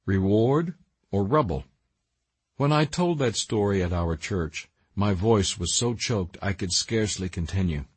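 Husky low-voiced man reading earnestly. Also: animated, no room sound. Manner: earnest, measured reading with emphatic rises. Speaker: audiobook narrator. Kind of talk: scripted narration of a Christian book.

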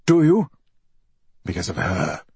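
A man voicing a boisterous, profane middle-aged male film star with a Welsh accent and a husky voice, swaggering and rambling. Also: sits low, big pitch swings, a little slow, darkish tone, no echo, exaggerated voice. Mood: ranting. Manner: brash, swaggering, rambling storyteller.

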